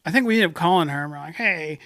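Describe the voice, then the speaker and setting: A man's voice: fairly high pitch, very fast, no room sound, studio quality. A young man on a podcast, telling a wild story in casual talk, swearing and acting out the people he quotes. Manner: animated, swearing, acts out quoted voices. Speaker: podcast co-host. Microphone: studio podcast mic.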